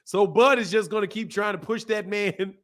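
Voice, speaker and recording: High-voiced, slangy man. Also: moderate pace. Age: adult, a father. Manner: slangy, animated, laughs often. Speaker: boxing channel host. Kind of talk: casual livestream chat.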